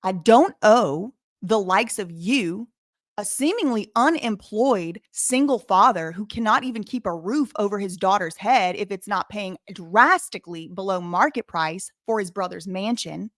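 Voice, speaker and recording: A woman hosting commentary, talking indignantly and repeating her points with deliberate stresses. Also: mid-range voice, animated, dry recording, studio quality. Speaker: commentary channel host. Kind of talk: emphatic to-camera commentary.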